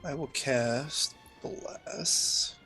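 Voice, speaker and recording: Player at a tabletop game, bright voice, matter-of-fact, faint music behind. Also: medium pitch, drawn-out words. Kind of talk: casual tabletop game chat.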